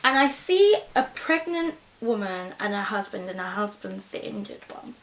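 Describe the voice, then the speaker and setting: A young woman telling a storytime vlog, animated and acting out the voices of everyone in the story. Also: mid-range voice, moderate pace, low-quality recording. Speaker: vlogger.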